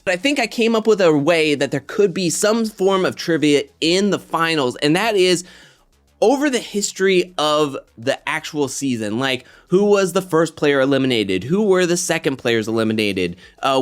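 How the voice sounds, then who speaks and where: A man hosting a casual commentary show, talking in an animated way and getting worked up as he rants. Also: on the high side. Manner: animated, gets worked up and ranty. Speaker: reality TV commentary host.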